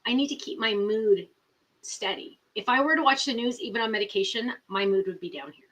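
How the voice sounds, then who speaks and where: Bright, chatty woman livestream host. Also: on the high side, brisk. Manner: chatty, emphatic repetitions. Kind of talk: casual live chat, reading viewer comments.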